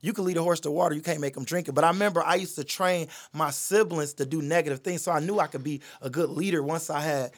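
Fast-talking man telling a story. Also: fairly high pitch. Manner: animated, lots of "you know what I mean" fillers. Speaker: podcast guest. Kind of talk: casual storytelling.

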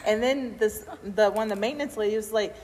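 A woman hosting a relaxed chat, spinning anecdotes and acting out what people said with a laugh never far off. Her voice carries a long, roomy reverb, with a faint hiss underneath. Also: medium pitch, a little fast. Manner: animated storyteller, laughs often, acts out quotes. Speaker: podcast host. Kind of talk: casual chat.

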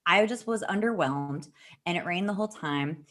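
A woman's voice: on the low side, expressive, moderate pace, fairly bright tone. A woman co-hosting a podcast in casual chat, blunt and swearing freely. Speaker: podcast co-host. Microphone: remote call mic.

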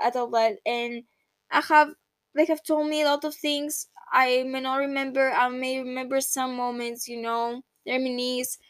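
Young woman, high voice, solo podcast host, rambling and heartfelt, dry close sound. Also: clear, resonant tone, dry recording. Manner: rambling, heartfelt and reflective, with frequent restarts. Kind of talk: casual solo podcast monologue. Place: at home at night.

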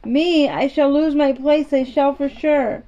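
A woman's voice: high-pitched, steady tone, unhurried, warm tone, muffled recording, pitched above the performer's own voice. Woman doing a fretful housemaid girl. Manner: dialect speech, fretful exclamations. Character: anxious young housemaid girl, fretful and excitable. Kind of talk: storybook reading.

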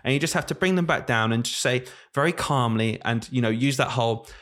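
A man's voice: mid-range voice, a little fast. A man in his late twenties, a primary school teacher, chatting casually on a podcast and acting out his pupils. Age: late 20s. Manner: animated storyteller, acts out pupils' voices.

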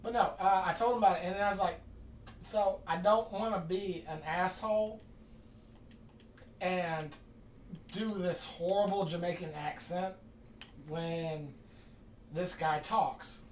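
This time the storytelling host is unhurried, pausing often, over slight background noise. His mid-pitched, roomy voice, picked up at a distance in an echoey space with faint ambience, rambles loosely while acting out quoted exchanges.

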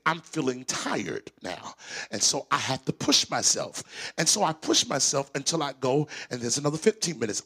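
A man telling a story in a sermon, starting low and quiet and building up loud and high. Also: breathy edge. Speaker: preacher.

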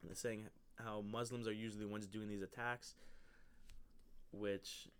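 A man's voice: lowish voice, flat delivery, measured pace, a bit bright, smooth. Joking man co-hosting a podcast. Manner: joking, laughs easily, wry asides. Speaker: podcast co-host. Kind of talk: casual podcast chat.

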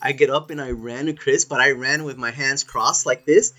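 Animated, swearing man telling a story. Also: medium pitch, moderate pace. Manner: swears a lot, animated, says "dude" often. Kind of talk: casual storytelling.

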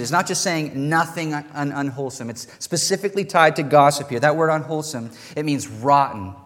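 A man preaching a sermon as pastor, emphatic and animated, with rising bursts of energy. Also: fairly high pitch. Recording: long reverb in a large hall.

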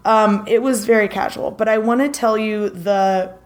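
Speaking at a moderate pace in a mid-range voice with fairly even intonation, a podcast co-host meanders through a story. Fillers crop up constantly as she chats on the casual show.

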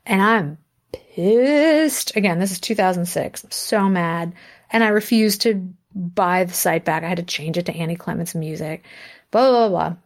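A woman in her thirties, a musician guest in an interview, telling a story in a lively way, laughing often and acting out the things people said. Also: on the low side, normal speed.

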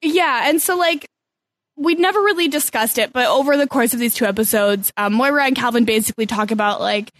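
A woman from Canada co-hosting a podcast, chatting casually with a wry, playful streak and plenty of fillers. Her voice sits a little high. The sound is dry and close to the mic. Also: brisk, fairly bright tone, dry recording. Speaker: podcast co-host. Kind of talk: casual chat.

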